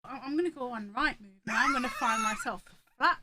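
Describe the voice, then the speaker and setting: A woman's voice: a little high, quick pace, very noisy. An English woman teasing and mock-scolding her partner from across the room, picked up off-mic. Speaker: streamer's partner. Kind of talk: casual teasing banter.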